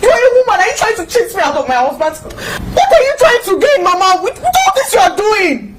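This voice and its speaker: A woman's voice: extremely high pitch, very animated, brisk. A woman playing a fiery young Ghanaian wife. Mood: outraged. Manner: shouting, exasperated confrontation. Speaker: church youth drama actor. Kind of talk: amateur stage drama. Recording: echoey hall from far off, noisy.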